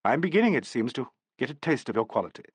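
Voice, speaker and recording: A man's voice: mid-range voice, sing-song, fast talker, slightly rough, no room sound. A man reading the part of a commanding, autocratic theatre actor-manager in a brusque tone.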